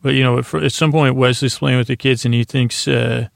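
A man's voice: medium pitch, steady tone, a little fast, vocal fry, no echo, studio quality. A man hosting a bedtime podcast, recapping a TV episode in a meandering, hesitant way full of asides and restarts. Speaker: podcast host.

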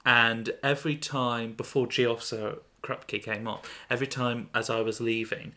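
A man's voice: medium pitch, little pitch movement, normal speed, sharp tone. A man hosting a podcast, giggling as he reads his own comic fan fiction aloud and bantering. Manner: giggly, often breaks into laughter. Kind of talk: comic story reading and banter.

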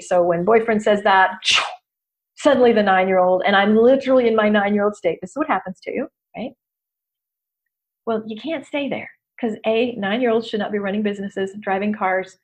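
A middle-aged woman who works as a business coach, talking in a candid, animated, self-deprecating way and laughing often. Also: medium pitch. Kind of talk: casual motivational talk.

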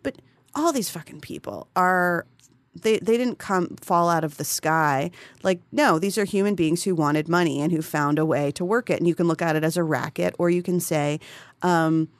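A woman's voice: on the low side, moderate pace, no echo. A woman chatting casually, candid and profane, rambling with frequent restarts. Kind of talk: casual conversational chat.

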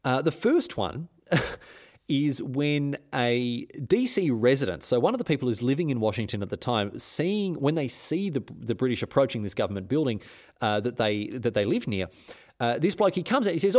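A man's voice: medium pitch, sing-song, moderate pace, darkish tone. A man hosting a comedic history podcast, who tells the story in an irreverent, rambling way and often stumbles and restarts. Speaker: host.

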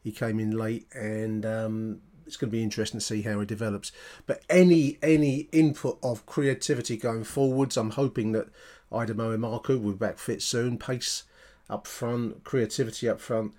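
A man's voice: fairly low pitch, fairly even intonation, moderate pace, darkish tone. A man hosting a football podcast, talking casually with some hesitation as he goes through his notes. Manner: conversational, hesitant, reading from notes. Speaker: podcast host. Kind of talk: podcast commentary.

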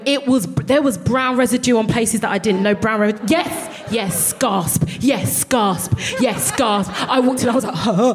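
A young woman telling a lively, profane dating story on stage, laughing as she goes. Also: medium pitch. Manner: animated, laughing, swearing. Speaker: comedian. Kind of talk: stand-up storytelling. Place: live comedy venue.

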